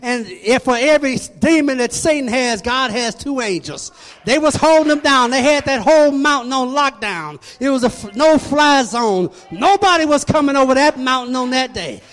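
A man, a church elder, preaching a sermon with fervent, dramatic swings in loudness. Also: very high-pitched, lively intonation, moderate pace. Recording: long reverb of a large hall.

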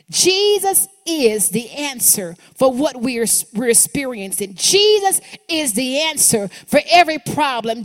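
A woman preaching a sermon, building rhythmic repeated phrases that rise and then drop low for emphasis. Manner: rhythmic repetition, rising and dropping emphasis. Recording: long hall reverb.

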